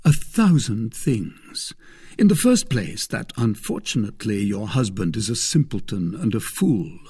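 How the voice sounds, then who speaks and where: A gallant young swordsman in a storybook reading, ardent and declaiming, his voice leaping through animated rises, as a man puts him on. The tone is warm and slightly husky, bold and earnest throughout. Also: lowish voice, unhurried, heavily acted.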